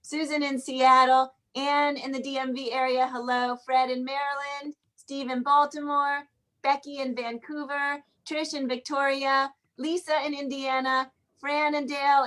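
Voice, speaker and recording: A woman's voice: high-pitched, a bit bright. A woman hosting a live online song circle, chatty and greeting attendees one by one by name over a video call. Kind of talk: live online welcome and announcements.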